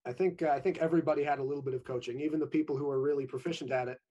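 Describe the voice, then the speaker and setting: Young male actor guest, fast talker, husky, pitched a bit high. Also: fairly even intonation, dark tone, lo-fi sound. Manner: brief, modest, with restarts. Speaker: stage actor. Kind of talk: interview guest.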